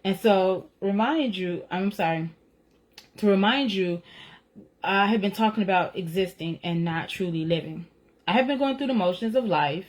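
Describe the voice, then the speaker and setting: A woman's voice: mid-range voice, normal speed. A woman telling a personal faith story in a casual, earnest way, often checking in with "right?" and "you know". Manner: reflective, retelling feelings with rising emotion. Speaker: author sharing a personal testimony.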